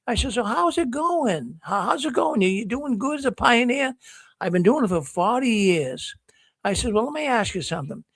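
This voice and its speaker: A man's voice: very high-pitched, big pitch swings, normal speed, a bit bright, dry recording. A man hosting a live call-in show, talking casually and rambling through stories with many restarts. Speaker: host of a call-in livestream show.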